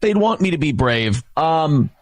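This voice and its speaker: A man's voice: on the high side, sing-song, unhurried, slight background noise. A man streaming a monologue, theatrical and boastful, dramatizing his own feelings. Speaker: livestreamer. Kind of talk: livestream monologue.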